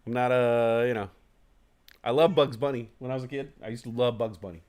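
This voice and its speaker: A man hosting a casual livestream talk show, telling animated stories, acting out inner voices and swearing casually. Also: mid-range voice, brisk.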